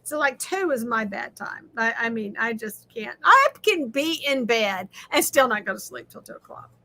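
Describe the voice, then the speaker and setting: High, bright-voiced chatty woman host. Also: animated, moderate pace, gravelly. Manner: loud, talking over audio trouble, chatty. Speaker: livestream host. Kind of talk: casual livestream chat.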